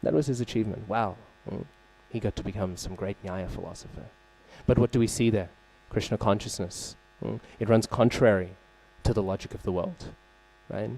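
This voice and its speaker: A man leads a scripture class at a temple. His voice sits fairly low and sounds mellow and relaxed. He tells the story conversationally, with fillers, frequent "right?" check-ins, and open pauses to recall terms. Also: vocal fry. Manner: openly searches for names and terms. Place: temple hall.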